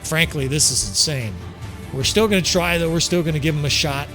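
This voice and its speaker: A man's voice: fairly high pitch, brisk, faint music behind. A man giving casual strategy game commentary, joking and swearing as he plays, chuckling often. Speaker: gameplay commentator.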